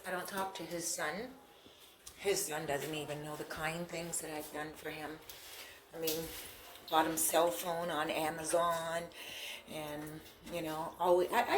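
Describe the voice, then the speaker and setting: A woman's voice: sits low, background noise. A woman vlogger talking casually to camera while eating, chatty and repeating herself. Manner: chatty, repeats herself, talks with mouth full.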